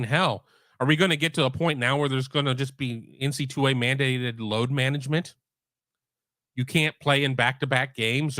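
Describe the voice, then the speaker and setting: Host, middle-aged man, casual rambling talker, mid pitch, dead-dry home mic. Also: pushed and bright, dry recording. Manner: rambling, with many restarts. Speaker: sports podcast host. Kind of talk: casual live-stream chat. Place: home room.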